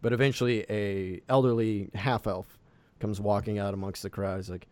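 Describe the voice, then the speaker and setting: Laid-back male game master, low voice. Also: steady tone, normal speed, darkish tone, no echo. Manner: casual, filler-heavy narration. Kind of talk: narrating a tabletop game.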